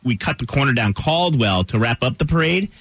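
A man's voice: medium pitch, animated, brisk, fairly bright tone, husky, dry recording. A man hosting a morning radio show, upbeat and talkative as he leads the conversation. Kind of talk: casual morning radio banter. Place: radio studio.

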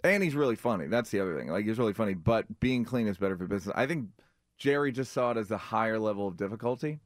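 Low-voiced man telling animated stories. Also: fast talker, dry recording, studio quality. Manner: animated storyteller, fillers, acts out quotes. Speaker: comedian guest. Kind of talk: casual radio chat.

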